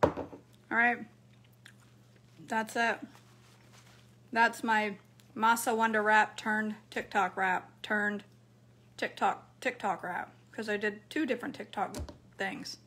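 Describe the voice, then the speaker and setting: Bright-voiced woman chatting through a cooking vlog. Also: mid-range voice, level tone, slow pace, pauses often. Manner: chatty, talks to viewers while eating. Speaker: cooking vlogger. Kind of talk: casual cooking vlog chat.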